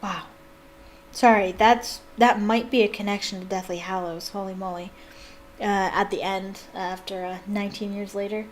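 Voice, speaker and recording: A woman's voice: mid-range voice, steady tone, moderate pace, a little hiss or hum. A young woman reading a novel aloud as a fan, breaking off with gushing, exclamatory asides. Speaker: book reader and fan. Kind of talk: casual reading aloud with commentary.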